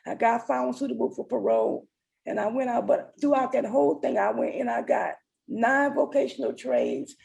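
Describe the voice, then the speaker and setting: Woman, forties, mellow dark tone, heavy vocal fry, earnest personal testimony. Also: on the high side, big pitch swings, normal speed, poor audio. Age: 40s. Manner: earnest, emotional storytelling. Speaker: summit speaker.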